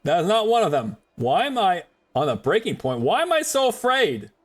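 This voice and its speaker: A man's voice: high voice, sing-song, moderate pace. A man voicing a tense, panicky male survivor who frets aloud in a rambling self-pep talk.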